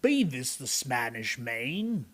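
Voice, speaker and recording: A man voicing a loud, gruff male pirate captain in a storybook reading, with booming pirate talk. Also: sing-song, slow pace. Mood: hearty.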